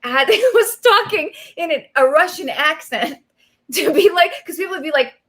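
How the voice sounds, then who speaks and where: A woman in her thirties, a guest in a casual video chat, telling stories in an animated way with lots of fillers and laughs. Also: very high voice, normal speed.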